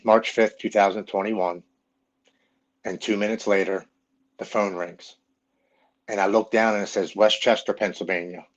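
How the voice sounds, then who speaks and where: A middle-aged man telling his own story frankly and bluntly, as a guest in an interview. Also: on the low side. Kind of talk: personal storytelling in a podcast interview. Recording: dull lo-fi recording.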